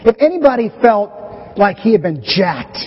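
A middle-aged pastor preaching a conversational, animated sermon to his church. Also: high voice, moderate pace, husky. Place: church sanctuary. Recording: dull, hazy recording with long church reverb.

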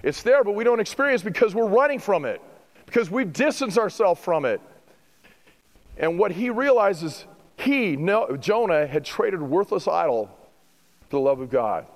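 A middle-aged male pastor preaching a sermon, building to emphatic rhetorical questions and then easing into softer, reflective passages. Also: high voice, big pitch swings, normal speed, in a large hall, poor audio.

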